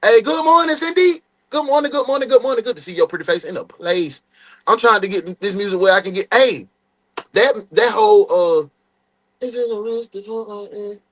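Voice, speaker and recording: Young man, live stream host, hypes every viewer in chat with a high, swooping voice. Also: brisk. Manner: animated, hypes and shouts out chat viewers by name. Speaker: host of a live true crime reaction stream.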